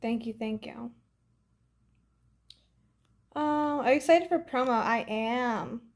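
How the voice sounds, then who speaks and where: A woman's voice: on the high side, slow, a little mellow. A young woman chatting casually on a phone livestream and reading fan comments, a bit congested, breezy and full of "like" and "literally".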